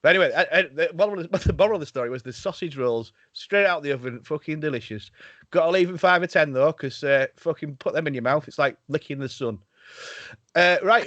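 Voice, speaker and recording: Sweary, animated man on a call. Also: on the high side, no room sound. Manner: swears a lot, laughs often, rambling anecdotes. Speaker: podcast host. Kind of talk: casual chat over a video call. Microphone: video call headset or desk mic. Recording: dull lo-fi video call audio.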